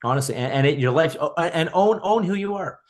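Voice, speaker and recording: A man's voice: a little high, lively intonation, brisk. A man as a podcast guest, talking earnestly in casual conversation, often restarting and repeating words.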